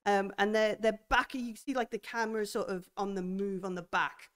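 A woman game master describing a horror scene in a tabletop game, halting as she goes. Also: mid-range voice, steady tone, clear, resonant tone. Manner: halting, full of fillers and restarts.

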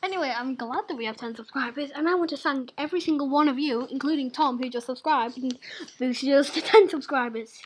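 A woman's voice: high voice, brisk, hardly any pauses. A young woman, in her teens, hosting a casual gaming video with chatty, giggly, teasing talk. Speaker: gaming channel host.

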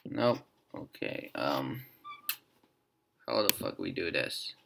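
Man muttering over a game, gravelly, lively pitch. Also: slow pace, noisy background. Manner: frustrated muttering, swings between loud outbursts and quiet whispers. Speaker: gaming video host. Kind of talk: casual gameplay commentary.

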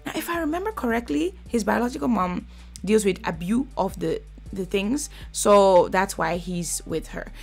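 A woman's voice: mid-range voice, lively intonation, normal speed, gravelly, breathy edge, soft background music. A woman giving blunt, chatty commentary while reviewing a reality TV episode. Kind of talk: casual reaction commentary.

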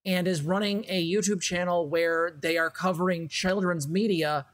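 A woman hosting a casual interview, her voice a little low, breaking in with quick sympathetic reactions and short remarks to the guest. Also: fairly even intonation. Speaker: podcast host.

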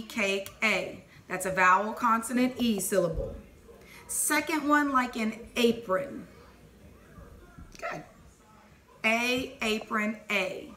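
A woman teacher leading a phonics dictation lesson, clearly sounding out letters and words and praising answers. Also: on the high side, sharp tone. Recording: echoey room with faint noise.

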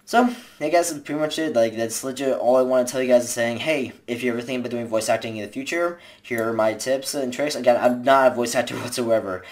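A woman's voice: a bass voice, fast talker, hardly any pauses, darkish tone. A young woman giving casual, rambling tips to viewers in a home video, with lots of fillers and restarts. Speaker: vlogger.

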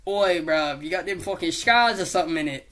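A gruff, menacing father barks in exaggerated London slang, put on by a man as a joke. The voice is loud and pushy, full of "bruv" and "mate." It is a deliberately cartoonish take. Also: fairly high pitch, natural voice. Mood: mock menacing. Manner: slangy, loud, mock British accent. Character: cockney-ish rich father, gruff, menacing.

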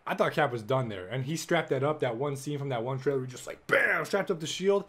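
Brisk and excitable, a young podcast host talks on his own in a casual show, peppering his speech with profanity and swinging from loud outbursts to quiet mumbling.

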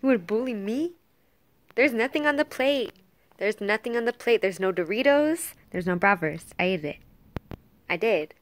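A woman's voice: medium pitch, expressive, normal speed, no echo. A woman chatting casually to her pet dog on camera, playfully scolding and teasing it. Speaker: dog owner.

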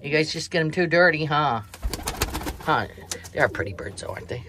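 Amid heavy background noise of chickens and birds, a woman with a low voice and lively intonation speaks briskly. She's vlogging from her small farm, chatting with viewers while she does chores outdoors and scolds or sweet-talks her chickens.

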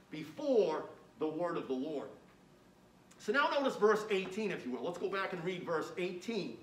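A man preaching a sermon as pastor, slowing down to read scripture with weight and emphasis. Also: high voice, a bit bright. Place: church sanctuary. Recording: echoey room, voice from a distance, faint noise.

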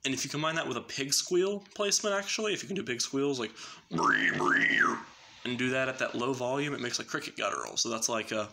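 A man's voice: medium pitch, fast talker, vocal fry, few pauses, very noisy. A man casually explaining extreme metal vocal technique in a loose, rambling way, with lots of fillers. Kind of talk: casual spoken tutorial.

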